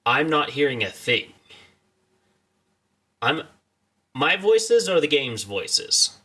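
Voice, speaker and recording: A man's voice: on the high side, big pitch swings, slow pace, sharp tone, slightly rough. A young man streaming a video game, joking and rambling as he chats to his viewers in a casual way. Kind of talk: casual let's-play commentary.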